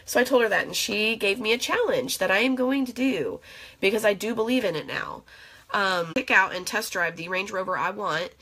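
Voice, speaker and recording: Bright, chatty young woman vlogging. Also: mid-range voice, animated, normal speed. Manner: emotional, chatty, full of fillers. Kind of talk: casual reflective vlog.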